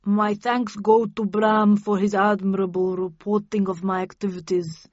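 A woman voicing a pale vampire count who speaks softly with a slight lisp. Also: medium pitch, level tone, moderate pace, no echo, lo-fi sound, lightly acted. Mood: gracious. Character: pale vampire count, soft-spoken and sentimental.

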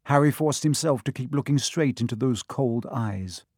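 Male audiobook narrator, mid-pitched, expressive, dry studio sound. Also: normal speed, breathy edge, dry recording. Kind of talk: storybook narration.

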